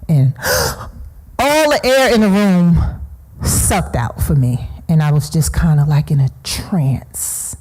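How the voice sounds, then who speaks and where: A middle-aged woman giving a personal testimony at a seminar, speaking slowly and haltingly, often sinking into a hushed whisper as she grieves. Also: low voice, expressive. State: grieving, emotional.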